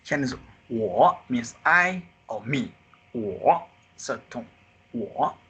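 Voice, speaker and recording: Man, Mandarin teacher, bright tone, husky, slow, animated sighs, non-native English, video call mic. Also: medium pitch. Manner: animated, drawn-out sighs acting out the four tones. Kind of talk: live online group lesson. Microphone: computer mic on a video call.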